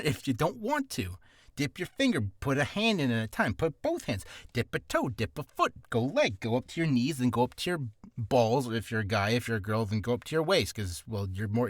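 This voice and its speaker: A man's voice: mid-range voice, big pitch swings, fairly quick, no room sound, studio quality. A man coaching voice acting in a loose, rambling, joking way. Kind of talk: casual coaching talk.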